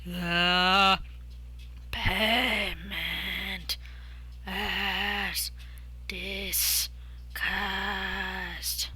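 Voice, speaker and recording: A woman voicing an eerie, sheep-like hooded creature in a game, with a raspy voice that cuts off after each sound and slow, halting words. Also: mid-range voice, little pitch movement, pushed and bright, exaggerated voice. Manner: slow halting one-word-at-a-time delivery.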